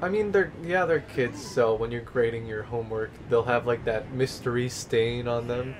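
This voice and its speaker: Give me a laid-back young gamer man, mid-pitched. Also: normal speed, background noise. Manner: laid-back, distracted while playing, trailing off mid-sentence. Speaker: co-host playing the game. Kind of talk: casual let's-play banter. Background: faint game music.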